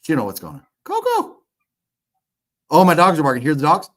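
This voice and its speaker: A man's voice: on the high side, lively intonation, rapid-fire, a bit bright. A man in his fifties hosting a casual livestream, rambling and swearing as he reads chat comments. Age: 50s. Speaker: livestream host. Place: hotel room.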